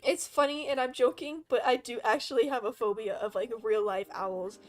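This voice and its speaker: A woman's voice: fairly high pitch, fairly even intonation, moderate pace, soft background music. A young woman streaming and chatting casually with friends, talking animatedly, swearing freely and laughing often.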